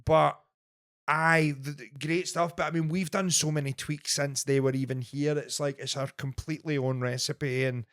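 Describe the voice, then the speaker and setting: A Scottish man chats casually as a podcast guest. He rambles with fillers and restarts in a gravelly voice that sits a little high. The tone stays easygoing throughout. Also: flat delivery, moderate pace, fairly bright tone. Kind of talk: casual chat.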